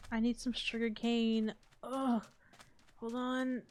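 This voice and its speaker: A woman streaming a block-building game late at night, chatting casually and swearing while keeping her slightly high voice down. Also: flat delivery, slow pace, slight background noise. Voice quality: slightly high, a little strange voice. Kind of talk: casual live-stream gameplay chat.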